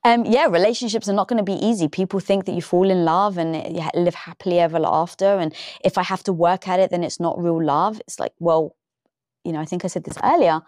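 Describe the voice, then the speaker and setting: A woman guest in a casual interview, telling lively stories and acting out the lines she quotes. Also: fairly low pitch, fairly quick, no room sound, clean studio sound. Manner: animated storytelling, acts out quoted dialogue. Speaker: podcast guest.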